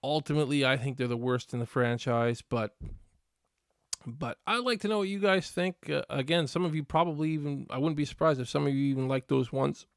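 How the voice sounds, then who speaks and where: A man's voice: mid-range voice, brisk, vocal fry, smooth, no room sound, clean studio sound. A man hosting a casual live stream reaction, chatting to viewers in a rambling, easygoing way with many restarts.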